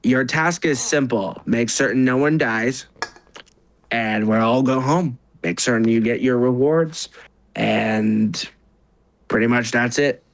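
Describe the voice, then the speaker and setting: A man's voice: medium pitch, takes it slowly. A man voicing a boisterous female ritual leader giving orders in a tabletop game. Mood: commanding. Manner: boisterous and loud.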